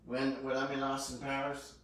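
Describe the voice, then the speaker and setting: A man's voice: medium pitch, completely flat delivery, moderate pace, fairly bright tone. A man co-hosting a casual live stream, agreeable and chiming in with short replies. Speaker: co-host. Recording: echoey room, distant mic, faint noise.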